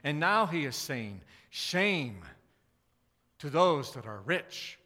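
Guy preaching, high bright voice, chatty and self-deprecating, lots of restarts, long church echo. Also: big pitch swings, slow pace. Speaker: pastor. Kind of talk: sermon. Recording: long reverb of a church hall.

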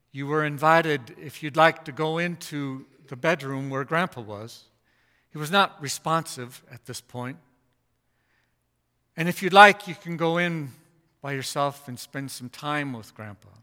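A man preaching a sermon, swinging from hushed, slow lines to loud, emphatic ones. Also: a little high. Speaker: pastor. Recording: long hall reverb.

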